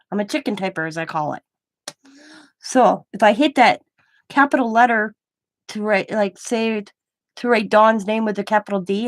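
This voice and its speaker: A woman's voice: a little high, no room sound. A middle-aged woman hosting a crafting livestream, chatting in a rambling, self-deprecating way while she works. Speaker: craft channel host.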